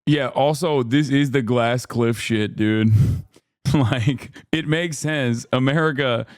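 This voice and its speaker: A man's voice: mid-range voice, takes it slowly, clear, resonant tone, no echo, studio quality. A man streaming casual reaction commentary, profane and sardonic, laughing often.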